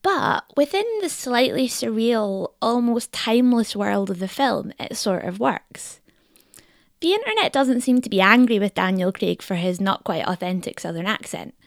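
A woman presenting in a clear, lightly wry scripted narration. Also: a little high, lively intonation, moderate pace, no room sound, studio quality.

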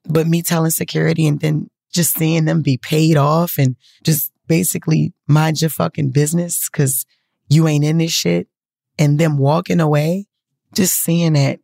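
A woman's voice: low-pitched, gravelly, dark tone, dry recording, studio quality. A woman hosting a podcast from the United States, talking bluntly and earnestly with lots of swearing, emotional as she speaks. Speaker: podcast host. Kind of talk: casual emotional monologue.

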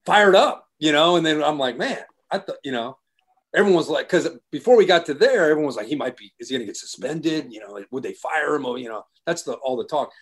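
A man's voice: on the high side, fast. An older man telling a story in a casual chat, acting out what others said. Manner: animated storyteller, acts out quotes. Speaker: guest, sports broadcaster.

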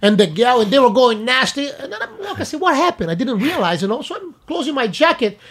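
A man's voice: extremely high pitch, quick pace. A man from Brazil with a Brazilian Portuguese accent, telling a story in casual chat with much laughter. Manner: lively, laughing, acts out voices in his story. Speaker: guest storyteller.

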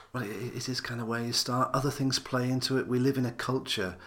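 A man's voice: medium pitch, fairly even intonation, normal speed, fairly bright tone. A man speaking as a minister and interview guest, earnest and thoughtful, often restarting phrases as he thinks. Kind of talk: reflective podcast interview.

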